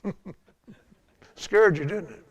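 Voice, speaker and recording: A man's voice: sits high, drawn-out words. An older man teaching a Bible lesson in a chatty storytelling way, laughing at his own tales.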